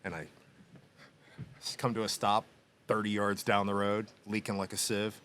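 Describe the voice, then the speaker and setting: Low-voiced man telling a wild story. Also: normal speed, slight background noise. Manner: animated storyteller, acts out quoted voices, laughs often. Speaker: podcast co-host. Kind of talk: casual storytelling chat. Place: small machine shop studio.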